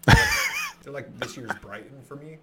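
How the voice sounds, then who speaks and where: A young man with a bright, forceful voice co-hosts a casual football podcast. He talks in a chatty, animated way and laughs easily through his stories. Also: mid-range voice, fairly quick. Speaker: podcast co-host. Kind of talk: casual sports chat.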